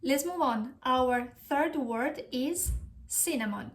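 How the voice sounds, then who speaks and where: A woman from Romania leads a pronunciation lesson at an unhurried, deliberate pace. Her voice sits high, and she sounds out each word slowly and repeats it several times. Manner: slow, careful repetition of words. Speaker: language teacher.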